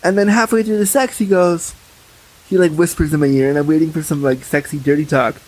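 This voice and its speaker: A man with a somewhat higher, husky voice chats on a podcast. He tells stories bluntly and candidly, with lively asides and frank opinions. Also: a little fast, poor audio. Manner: candid, blunt, animated storytelling. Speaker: podcast guest. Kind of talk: casual podcast chat.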